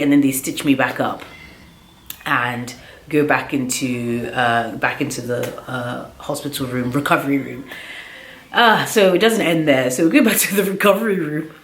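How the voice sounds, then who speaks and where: A woman telling a personal story in a casual vlog, animated and chatty, with plenty of filler words. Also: very deep voice, slight background noise. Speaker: vlogger. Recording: roomy echo.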